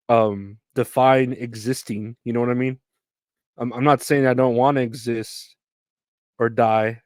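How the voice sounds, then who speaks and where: A man's voice: medium pitch, clear, resonant tone, dry recording. A man hosting his own podcast, rambling alone in a profane, meandering, self-deprecating way. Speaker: podcast host. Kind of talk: rambling solo podcast monologue.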